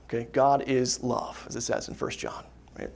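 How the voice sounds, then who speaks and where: A man's voice: medium pitch, moderate pace, vocal fry, darkish tone, breathy edge. A man giving a casual faith talk to a group of parents, full of rhetorical questions and asides like "right?". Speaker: catechist teaching parents. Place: parish hall dinner gathering.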